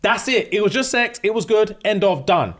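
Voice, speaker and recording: A man's voice: sits high, expressive, normal speed, a bit bright, pitched above the performer's own voice. A man voicing a blunt, exasperated young woman.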